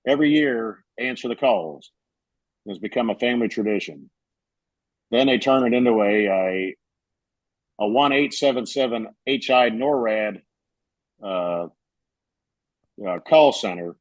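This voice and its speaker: A man's voice: mid-range voice, lively intonation, unhurried, long pauses, no room sound, highs cut off. A man on a podcast telling a story in casual chat, rambling with fillers and restarts.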